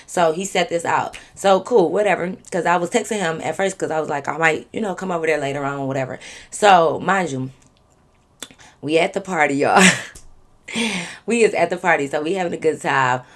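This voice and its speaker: Low-voiced woman telling a candid story. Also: moderate pace. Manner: candid, profane, animated. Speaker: vlogger. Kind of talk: casual storytime.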